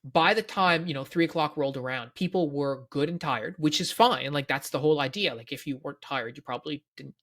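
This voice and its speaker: A man with a Canadian accent, co-hosting a casual podcast and telling stories in a rambling, animated way full of fillers. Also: on the high side, brisk, hardly any pauses. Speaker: co-host, game organizer.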